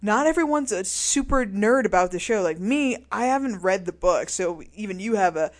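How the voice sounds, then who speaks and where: A woman's voice: mid-range voice, lively intonation, moderate pace. A woman co-hosting a casual chat, talking loosely, laughing often and swearing. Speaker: podcast co-host.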